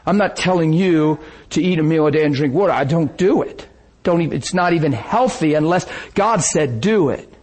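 A man's voice: fairly high pitch, expressive, normal speed, darkish tone. A man preaching a sermon, telling stories with laughter and quoted voices.

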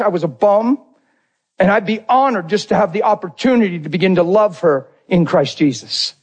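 A male pastor with a somewhat high, husky voice preaches in an emotional, unrehearsed way. He tells his story with feeling and keeps turning to the congregation. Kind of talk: sermon.

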